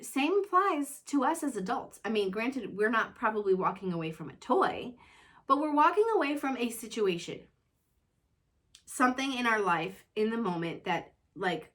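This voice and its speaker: Earnest, chatty mom sharing reflections. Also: female voice, on the high side, a bit bright. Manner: conversational, earnest, self-reflective, leans on "you know". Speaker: mother and show host. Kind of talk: casual reflective chat.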